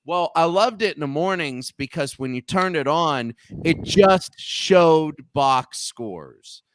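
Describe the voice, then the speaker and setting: A man in his thirties, guesting on a casual talk show, tells a long, animated, rambling story, restarting sentences as he goes. His voice is fairly high and he takes it slowly.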